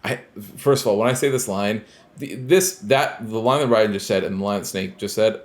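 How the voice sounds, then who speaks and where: Speaking briskly, this deep-voiced, low-pitched podcast co-host runs through the story of a video game in a laid-back, rambling chat. Fillers crop up constantly, and casual profanity slips in as he goes.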